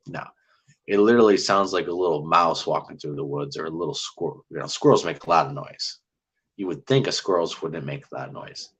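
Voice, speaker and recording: A man telling a cryptid encounter story in casual, rambling chat, getting excited and restarting his sentences. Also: deep voice, fairly quick, husky, lo-fi sound. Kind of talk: casual storytelling on a live call-in show.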